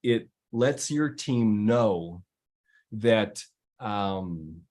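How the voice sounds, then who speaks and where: A man's voice: fairly low pitch, lively intonation, drawn-out words, darkish tone. An executive coach, a man, telling a story to viewers in a loose, rambling way with many fillers and restarts. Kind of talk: casual live-stream talk answering viewers.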